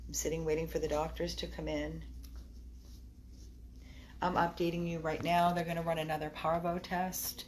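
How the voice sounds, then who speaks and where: Tearful low-voiced woman pleading. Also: level tone, normal speed, pauses often, a little mellow, a little hiss or hum. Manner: pleading, repeats herself. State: tearful, upset. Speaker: dog rescuer. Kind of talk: emotional video update to viewers. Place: animal hospital exam room.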